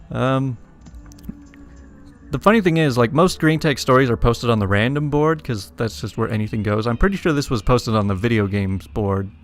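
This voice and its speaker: A man's voice: mid-range voice, lively intonation, normal speed. A man casually reading funny internet stories aloud, chuckling and adding wry asides between them. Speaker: story reader. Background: faint music.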